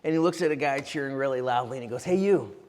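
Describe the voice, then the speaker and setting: Male pastor, sermon, animated storyteller, quick asides, mid pitch, reverb of a church hall. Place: church sanctuary.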